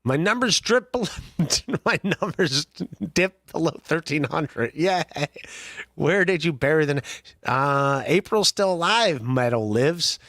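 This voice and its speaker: An animated podcast host from Ohio, with a fairly high, fairly bright voice, talks at a measured pace in studio-quality audio without echo. His livestream chat wanders casually, with frequent laughter, restarts, and filler words.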